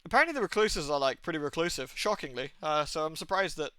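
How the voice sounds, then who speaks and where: A man's voice: on the high side, fast, clear, resonant tone, no echo. A young man with an English accent, a game streamer telling rambling, sweary stories in casual chat. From England. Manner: rambling, sweary, animated storytelling.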